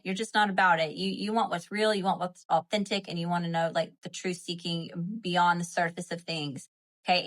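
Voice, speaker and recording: A woman with a Southern accent hosting a casual spiritual livestream, chatty and repetitive, often checking in with "right?" and "you know?". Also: on the low side. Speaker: spiritual host. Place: home, live stream. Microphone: phone or webcam mic.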